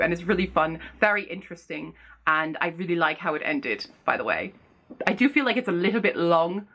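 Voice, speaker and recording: A woman chats casually on her own vlog, excitable and scattered, thinking aloud as she goes. She laughs easily and swears off-hand when things go wrong. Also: mid-range voice. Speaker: book vlogger. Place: home room with bookshelves.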